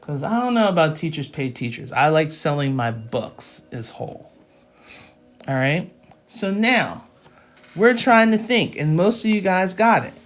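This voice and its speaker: Female math tutor, patient and methodical, talks slowly, light music underneath. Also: low-pitched, lively intonation. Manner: slow, patient step-by-step explaining with check-ins. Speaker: math teacher. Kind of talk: live classroom math lesson.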